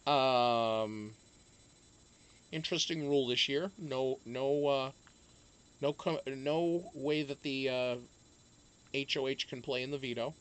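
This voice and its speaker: A man hosting a casual live stream from home, rambling with lots of fillers and swearing freely. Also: medium pitch. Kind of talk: casual chat.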